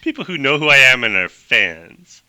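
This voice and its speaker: A man voicing a cheerful, folksy woman pilot from the past, talking fast and clipped with old-fashioned exclamations. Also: medium pitch, sing-song, bright, forceful tone, smooth, no echo. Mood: sheepish. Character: brisk chatty woman aviator, cheerful and folksy.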